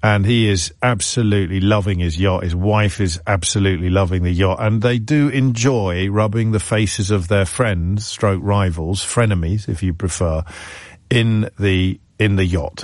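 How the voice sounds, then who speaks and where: A man's voice: lowish voice, normal speed, darkish tone, no room sound, clean studio sound. A man hosting a radio phone-in, telling stories in a wry, self-correcting way. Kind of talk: conversational storytelling.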